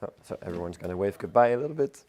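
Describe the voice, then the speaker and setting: A Dutch man, a hoarse and unwell floristry teacher, chatting casually while hosting a live arranging demonstration. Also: on the low side, very fast. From Netherlands. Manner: relaxed, chatty, many fillers.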